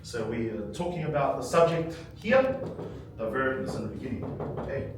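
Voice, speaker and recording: A hoarse man teaching a language workshop to a group, animated and quizzing his listeners with some humor. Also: medium pitch, normal speed, noisy background. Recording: echoey hall, from far off, crowd around.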